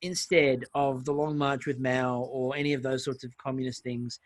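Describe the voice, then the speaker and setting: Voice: mid-range voice, normal speed, dry recording. A podcast co-host, chatting casually and jokingly retelling scenes from a baking show. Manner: animated, jokey, retells scenes in quoted voices. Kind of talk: casual chat.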